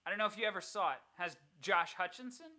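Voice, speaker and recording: A young adult co-host in loose podcast chat, telling stories with lots of swing in the voice. The tone is bright and clear, and the delivery is animated and full of energy. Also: mid-range voice, quick pace. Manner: animated storyteller. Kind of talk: casual chat.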